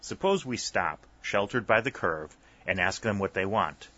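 A man voicing a steady army sergeant in an audiobook, sharp and commanding. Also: fairly low pitch, normal speed, husky, heavily acted. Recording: slightly dull, dry recording.

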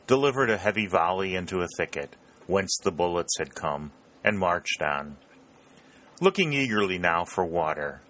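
Male audiobook narrator, low and bright-toned, steady delivery. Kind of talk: scripted narration.

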